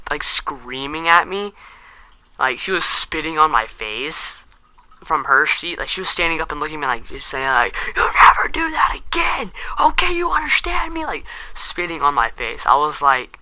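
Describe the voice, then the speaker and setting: Rambling teen vlogger, bright dry voice. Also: male voice, fairly high pitch, dry recording. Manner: rambling, filler-heavy, self-mocking. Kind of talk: casual storytelling to camera.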